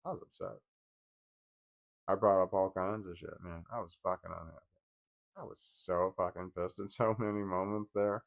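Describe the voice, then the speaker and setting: Speaking in a deep, creaky voice with fairly even intonation, this vlogger talks at a normal pace with long pauses. His casual monologue is an agitated, profane rant, rambling along with frequent restarts and bursts of laughter.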